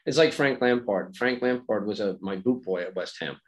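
A middle-aged man chatting as a podcast guest, telling stories in an animated way and laughing often. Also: on the low side, rough recording. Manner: animated storytelling, quick imitations, laughs often. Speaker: guest, former player and coach. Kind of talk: casual conversation.

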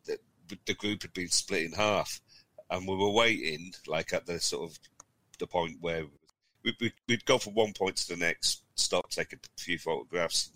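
A middle-aged man with a low, bright and forceful voice tells rambling stories, chuckling as he goes. He co-hosts a casual podcast chat. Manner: rambling, chuckling anecdote-teller. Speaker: podcast co-host.

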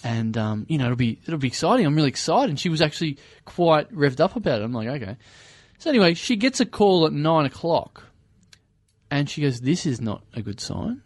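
A man hosting a podcast, telling stories in a casual, animated way and laughing often. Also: fairly high pitch, brisk, no room sound, studio quality. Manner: animated storyteller, laughs often, acts out voices. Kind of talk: casual chat.

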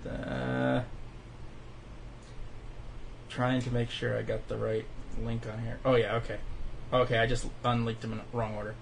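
A man's voice: medium pitch, level tone, measured pace, vocal fry, pauses often, slight background noise. A young man co-hosting a gaming podcast in a laid-back casual chat, chuckling as he talks. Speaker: podcast co-host.

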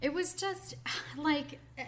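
A young woman in casual conversation, animated and explanatory, acting out quotes with a raised voice. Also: high-pitched, slow pace, a little hiss or hum. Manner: animated, explains things, acts out quotes loudly. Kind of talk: casual chat.

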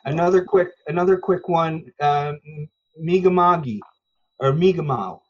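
A man's voice: fairly high pitch, measured pace, dull audio. A man from Newfoundland, Canada, answering interview questions with patient, teacherly explanations and frequent hesitations. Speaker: interview guest, language learner. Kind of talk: earnest conversational explanation.

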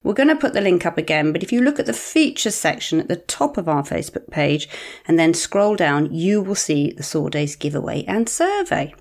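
A woman's voice: on the low side, sing-song, moderate pace, a little mellow. A middle-aged woman, co-hosting a podcast in a playful, teasing chat. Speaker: podcast co-host. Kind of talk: casual chat.

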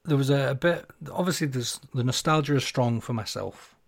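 A man's voice: medium pitch, fairly quick. A man with a mid-range voice co-hosts a casual podcast chat. He talks fondly about songs he loves and laughs easily. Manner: amused, fond, laughs easily. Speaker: podcast co-host. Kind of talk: casual album review chat.

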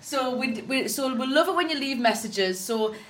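A woman's voice: high voice, expressive, moderate pace, a bit bright, a little hiss or hum. A woman co-hosting a comedy podcast in casual chat, giggly and rambling, often cutting herself off mid-sentence. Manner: giggly, rambling, self-interrupting. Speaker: podcast co-host.

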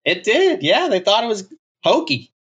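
A man from Texas, a podcast guest telling stories with animated, self-mocking humor. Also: high voice, normal speed, dull audio, a little hiss or hum. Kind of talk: casual chat.

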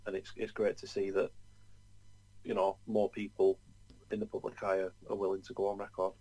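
Low-voiced chatty man. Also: monotone, fairly quick, a little mellow, no echo, rough recording. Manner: chatty, full of "you know" asides. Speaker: podcast co-host. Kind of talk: casual chat.

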